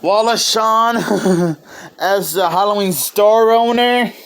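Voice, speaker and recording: A man's voice: high voice, slow pace, creaky, fairly bright tone, clear, resonant tone. A man giving an eager, casual video review of a film, often stopping to restart or correct himself. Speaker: movie reviewer.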